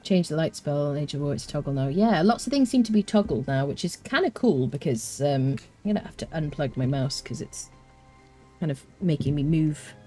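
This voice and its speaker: A woman's voice: low voice, expressive, moderate pace, warm tone, faint music behind. A British woman streaming a game live, chatting casually, rambling with fillers and answering her chat. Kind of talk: casual live gameplay commentary.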